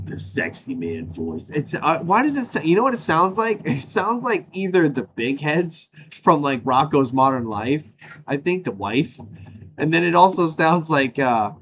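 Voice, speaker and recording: A man's voice: on the high side, normal speed, dull audio, slight background noise. A man hosting his own show in a casual, rambling chat, jumping animatedly between topics. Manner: animated, jumps between topics, frequent fillers and laughs. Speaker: show host.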